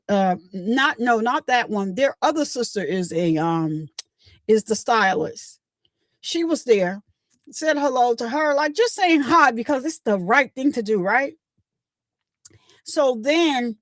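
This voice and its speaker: Higher-voiced woman host rambling on a livestream, chatting right at her viewers, dry mic. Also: dry recording. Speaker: channel host. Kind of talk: casual livestream storytelling.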